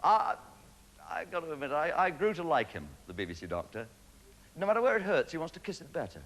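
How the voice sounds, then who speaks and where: In a noisy 1980s TV studio with a laughing crowd, a host delivers a stand-up monologue on stage, punching out quick one-liners. His fairly high voice has a sing-song quality.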